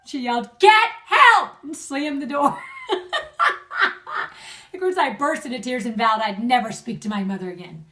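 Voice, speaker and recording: A young woman talks chattily and laughs easily as she gives friends marriage advice. Her voice sits fairly high and sounds a little distant from the mic, as if recorded at home. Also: a little fast, few pauses. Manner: warm, chatty, laughs often. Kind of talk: casual video message.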